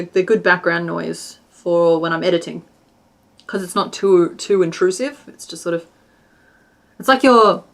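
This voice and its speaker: With a medium-pitched, slightly bright voice, a woman who designs crochet patterns streams live as she works. Her talk wanders chattily, broken up by restarts and stitch counts she half mutters under her breath.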